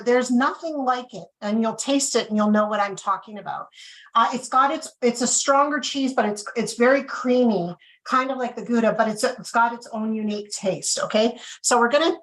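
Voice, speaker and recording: Captured in low quality, this higher-pitched woman hosts an easygoing live tasting of wine and cheese on a video call. She chats freely and keeps checking in with "okay?" after every point.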